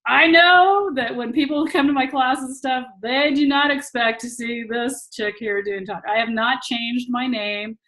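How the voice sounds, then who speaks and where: A woman's voice: a little high, a little slow, few pauses, fairly bright tone, rough recording. A woman who teaches tantra talks casually to an online audience over a video call and laughs often while she tells stories.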